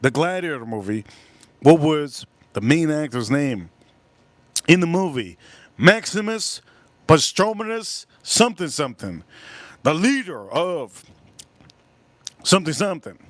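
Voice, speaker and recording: Guy on a livestream ranting, kinda high voice, blunt and sweary, dry close sound. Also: big pitch swings, unhurried, pauses often, dry recording. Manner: blunt, rambling, swears freely. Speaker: livestream host. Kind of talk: casual livestream rant.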